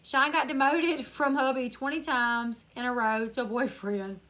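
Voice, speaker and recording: A woman's voice: fairly high pitch, normal speed, hardly any pauses, pushed and bright. A tired woman from Northern Louisiana with a country accent, hosting a casual live-stream Q&A, chatting and reading viewer comments aloud. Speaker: YouTuber live-stream host.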